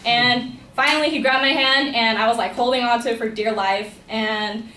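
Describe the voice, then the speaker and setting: A young woman telling a personal story to a class, chatty and excitable, full of "like". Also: fairly high pitch, moderate pace. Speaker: student storyteller. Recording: roomy room, distant mic, faint hum.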